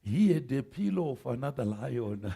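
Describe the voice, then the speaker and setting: Gravelly, animated preacher man. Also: medium pitch. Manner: animated preaching with shouts, laughs and call-and-response. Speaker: pastor. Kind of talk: sermon. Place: church sanctuary.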